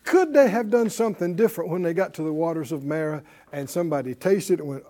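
A man with a drawl leads a Bible class in a high, bright voice. He talks in a folksy, emphatic way and stops to have his class repeat lines back to him. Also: quick pace. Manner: folksy and emphatic, laughing often, acts out quotes. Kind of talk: preaching a Bible class with call and response.

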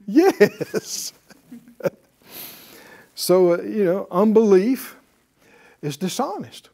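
A man preaching to a class, animated, asking them questions and acting out quotes. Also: high-pitched, extremely slow, vocal fry, long pauses. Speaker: bible teacher.

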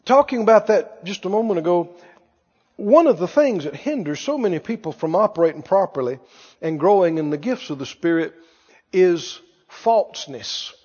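Man preaching, high voice, very lively pitch, folksy storytelling, dull sound, long hall reverb. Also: moderate pace, breathy edge. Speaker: pastor. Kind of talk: sermon with storytelling.

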